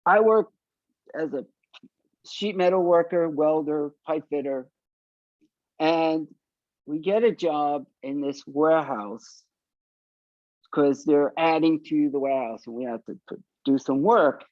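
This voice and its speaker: Slow-talking older man telling band stories. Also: fairly high pitch, no room sound, lo-fi sound. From South Florida. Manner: animated storyteller acting out quoted voices. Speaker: punk band singer interviewed as guest. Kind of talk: casual storytelling interview.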